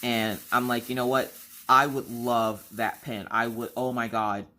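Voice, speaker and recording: A woman in her thirties chatting casually while crafting, telling stories and squealing high when she acts out her own quotes. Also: little pitch movement, a little slow, bright, forceful tone. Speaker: crafting vlogger.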